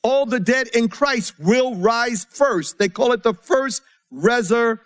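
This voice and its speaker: A man with a high, light voice delivers a sermon to a congregation in church. He reads scripture aloud and preaches with sudden swings, dropping low and soft, then climbing again for emphasis. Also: expressive, measured pace.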